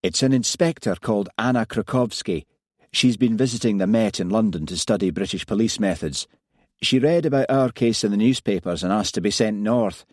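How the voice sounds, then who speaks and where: A man voicing a brisk, offhand male detective inspector. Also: fairly low pitch, no room sound, studio quality, lightly acted.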